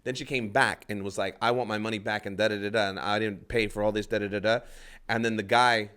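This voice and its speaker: A man's voice: fairly low pitch, fairly even intonation, quick pace, pushed and bright, smooth. A man, a stand-up comedian, telling a rambling story in casual podcast talk, acting out other people's lines and swearing freely.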